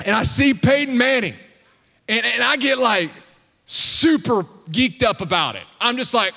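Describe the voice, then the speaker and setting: A man in his thirties preaching in church, telling a funny story in an animated, excitable, self-mocking way. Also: very high-pitched, measured pace, vocal fry. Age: 30s. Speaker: pastor. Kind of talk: humorous storytelling sermon. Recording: long hall reverb.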